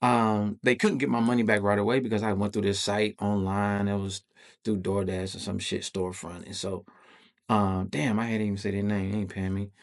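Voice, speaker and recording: A man's voice: on the low side, level tone, fairly quick. A man hosting a podcast, telling a personal story in loose, slangy, profane conversational talk. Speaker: podcast host.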